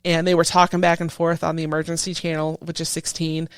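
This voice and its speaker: A retired Coast Guard chief petty officer appears as a guest in a casual interview, telling service stories with lively energy. She acts out the voices of people she quotes, letting her smooth, clean, low-sitting voice jump around as she talks fast. The sound is close and dry, with no room echo.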